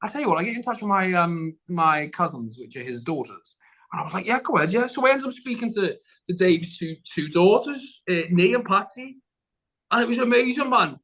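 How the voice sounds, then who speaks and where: A man's voice: sits high, big pitch swings, brisk, fairly bright tone, poor audio. Rambling man telling a story. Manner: rambling, with many restarts and acted-out quotes. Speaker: podcast guest, actor. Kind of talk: casual storytelling anecdote.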